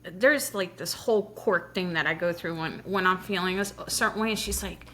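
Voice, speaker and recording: A woman's voice: lowish voice, fairly quick, few pauses, sharp tone. A woman co-hosting a podcast, chatting casually and giggling often. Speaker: podcast co-host. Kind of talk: casual chat.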